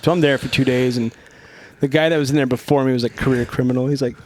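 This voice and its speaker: A middle-aged man from Northern California, a podcast guest telling stories in a casual, profane, animated way and acting out the quotes. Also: medium pitch, quick pace. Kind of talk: casual storytelling.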